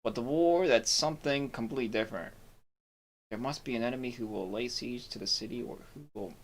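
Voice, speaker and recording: A man's voice: medium pitch, fairly quick, close to an everyday voice. Man reading a weary town sheriff. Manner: reads stiffly, stumbling over words. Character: gruff middle-aged male city sheriff, weary.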